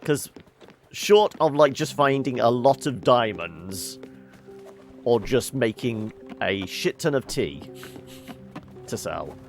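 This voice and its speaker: Let's-play host, male, mid-pitched, muses out loud, animated delivery. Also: slow, pauses often, soft background music. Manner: musing aloud, thinking through game puzzles. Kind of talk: casual gameplay commentary.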